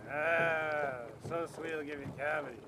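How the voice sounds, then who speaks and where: An actor playing a bored, deadpan husband who mumbles flat, unenthusiastic replies from off-mic outdoors by a lake. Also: male voice, a little high, unhurried, slight background noise. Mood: grudging. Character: bored deadpan husband humoring his wife.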